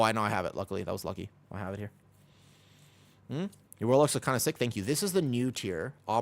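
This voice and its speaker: A man chatting casually with his viewers as he streams an online game, rambling with lots of "like" fillers and breaking off for quick game callouts. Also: fairly low pitch, creaky. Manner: rambling, many "like" fillers, talking to chat between game callouts. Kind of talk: casual chat while livestreaming a game.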